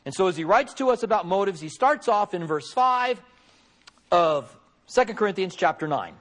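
A middle-aged man preaching in a high voice. He keeps it conversational and folksy, with joking asides to his listeners. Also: expressive, normal speed, fairly bright tone. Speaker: pastor. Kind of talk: conversational sermon.

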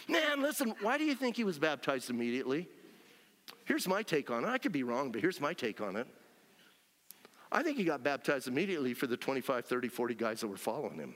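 A man preaching a lively, animated sermon as pastor, acting out scenes and whooping with joy. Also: on the high side, fairly quick. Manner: animated, acts out scenes, frequent shouts of joy. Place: church sanctuary. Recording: long hall reverb.

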